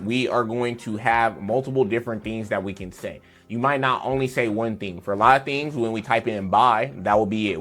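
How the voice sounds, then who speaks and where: A man's voice: medium pitch, fairly bright tone. A man teaching a beginner programming lesson over his screen, explaining in a loose, chatty way with fillers and playful asides. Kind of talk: casual screen-share coding tutorial.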